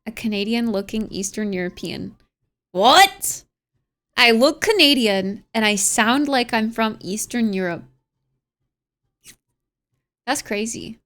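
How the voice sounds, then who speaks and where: A woman's voice: on the high side, unhurried, pauses often, a bit bright. A young American woman streamer chatting casually at home, reading viewers' messages aloud and musing on them with frequent laughs. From United States. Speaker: livestreamer.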